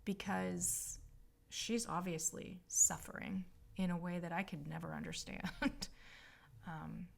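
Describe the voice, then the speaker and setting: A woman's voice: fairly low pitch, steady tone, takes it slowly, creaky. A woman spiritual healer telling a personal story in a rambling, emotional, casual monologue. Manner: rambling, emotional, filler-heavy.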